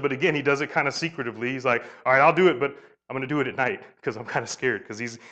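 A man's voice: mid-range voice, lo-fi sound. Man teaching a Bible passage conversationally. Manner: asks the listeners questions and paraphrases the story in lively voices; informal, with frequent "you know" and "right?".

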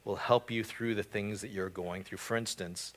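A man's voice: on the low side, fairly even intonation, normal speed, fairly bright tone. A man preaching a casual sermon, with frequent fillers and repeated words. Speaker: pastor. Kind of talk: conversational sermon.

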